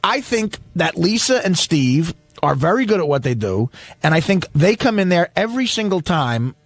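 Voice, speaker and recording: A man's voice: high-pitched, big pitch swings, normal speed, dry recording. A man in a heated radio studio chat, talking in an agitated, defensive way and swearing often. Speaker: radio show regular.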